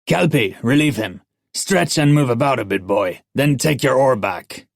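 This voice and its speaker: A man voicing a ship's mate with a thick accent who gives brisk commands. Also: mid-range voice, animated, gravelly, no echo, studio quality, voice pushed up. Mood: commanding.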